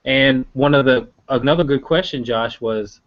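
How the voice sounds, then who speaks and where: A man co-hosting a live online dog training chat, speaking haltingly with many fillers over a video call. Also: mid-range voice. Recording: dull lo-fi video call audio.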